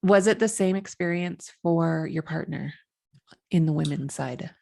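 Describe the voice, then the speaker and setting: A woman hosts a podcast interview in a low voice with plenty of fry. She responds to her guest with quiet murmurs of agreement and openly moved reactions. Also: a little slow. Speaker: podcast host.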